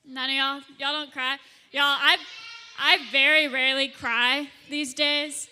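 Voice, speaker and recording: A woman's voice: high-pitched, flat delivery, unhurried, sharp tone. A young woman giving a chatty, playful youth group talk to middle schoolers, acting out little scenes as she goes. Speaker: youth leader. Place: church youth room. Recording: reverberant hall.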